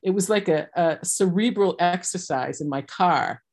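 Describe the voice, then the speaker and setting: A woman's voice: on the low side, normal speed, a little mellow. A middle-aged woman sharing her personal recovery story, candid and self-deprecating, acting out bits of dialogue. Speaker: recovery meeting speaker.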